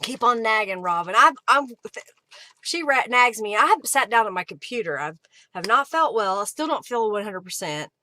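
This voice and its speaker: Speaking at a moderate pace in a sing-song voice on the high side, pushed and bright, a woman chats through a live crafting stream from her home craft room. She rummages for supplies while rambling and thinking aloud, keeping the demo talk casual.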